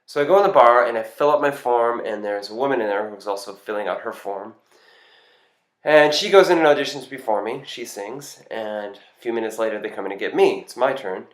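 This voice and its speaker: A man, a singer and actor, casually telling a first-person anecdote in a relaxed, conversational way with small hesitations. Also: medium pitch, a little fast. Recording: roomy echo.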